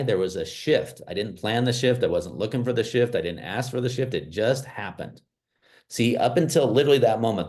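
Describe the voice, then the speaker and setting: A man with a very low, deep voice gives a motivational talk over a video call. He speaks in an animated, emphatic way, leaning on casual fillers as he goes. He grew up in small-town America. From small-town United States.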